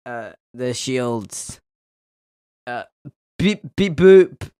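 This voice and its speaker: A man's voice: mid-range voice, animated, drawn-out words, dark tone, clean tone, no echo, clean studio sound, voice pushed down. Blustering bumbling chef, a man playing him. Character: bumbling middle-aged male chef. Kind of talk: improvised comedy audio play.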